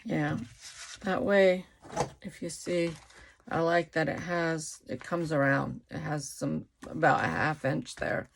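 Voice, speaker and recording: A woman talks slowly through a craft tutorial, thinking aloud as she measures and glues. Her fairly low voice is gravelly and fading, as if she is losing it. Faint noise sits under the recording. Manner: unhurried, thinking aloud while working. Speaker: crafting channel host.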